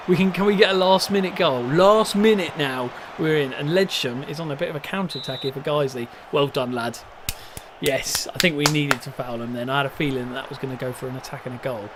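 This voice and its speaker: Excitable young-sounding man commentating gameplay. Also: a little high, fast talker, background noise. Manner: chatty, rambling, breaks into excited shouts at near-goals. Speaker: let's play host. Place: at home at a desk.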